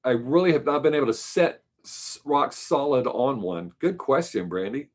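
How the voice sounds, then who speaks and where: A man hosts a casual live stream, musing and rambling while answering viewer questions. His voice sits at an ordinary middle pitch, and he jokes easily as he talks. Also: very animated, normal speed, few pauses.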